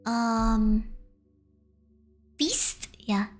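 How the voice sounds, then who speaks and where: A woman's voice: a little high, very slow, faint music behind. A young woman with an Indonesian accent, whose first language is Indonesian, hesitantly retells a folk tale on stream in English, translating as she goes.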